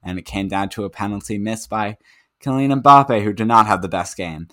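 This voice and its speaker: A man's voice: fairly low pitch, moderate pace, a bit bright. A man co-hosting a football podcast, recapping matches in a casual, rambling way with many fillers. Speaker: podcast co-host. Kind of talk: casual sports chat.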